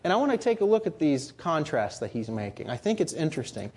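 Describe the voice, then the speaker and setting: A man's voice: on the high side, sing-song, fast, a little mellow, husky. A man preaching a sermon, earnest and building to emphatic rhetorical questions.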